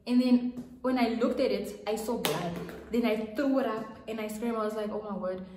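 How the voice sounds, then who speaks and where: A woman's voice: on the high side, moderate pace, background noise. Chatty young woman in an echoey room. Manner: chatty, rambling, with frequent restarts and "yo". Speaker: vlogger. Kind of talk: storytime vlog.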